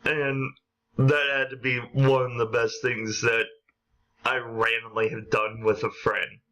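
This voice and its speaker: Young male vlogger, unhurried storyteller, bright and forceful tone, acts out lines. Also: medium pitch, low-quality recording. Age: young adult. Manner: animated, acts out quotes in a raised voice. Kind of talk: casual storytelling vlog.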